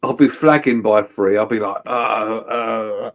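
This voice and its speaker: A man's voice: lowish voice, normal speed. A man hosting a livestream, chatting casually and in an easygoing way. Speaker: livestream host. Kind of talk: casual chat.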